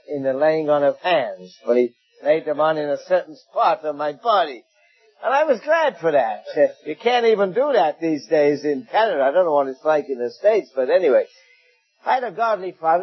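An older man from England with an English accent, preaching a sermon in an anecdotal, gently humorous way. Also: sits high, husky, dull audio.

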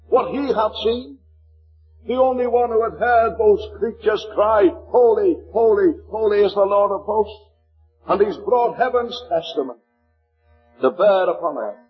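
A man from Liverpool with a Liverpool accent preaching a sermon, slowing to a measured cadence when he reads scripture aloud. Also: high-pitched, dull audio. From Liverpool, England.

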